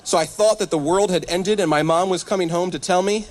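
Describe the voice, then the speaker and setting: A man in his thirties performs stand-up comedy at a live church event, speaking directly to the audience. He's animated and self-deprecating, with a high voice and a brisk pace.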